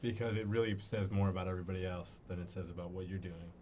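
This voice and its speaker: A man in a casual chat, talking quickly and breaking things down. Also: low-pitched, steady tone, darkish tone, slight background noise.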